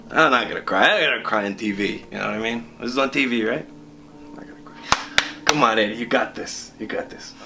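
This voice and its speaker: A man's voice: medium pitch, pushed and bright, slight background noise. An actor playing a rambling, crude construction foreman, stammering through a mock true-crime interview. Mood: teary.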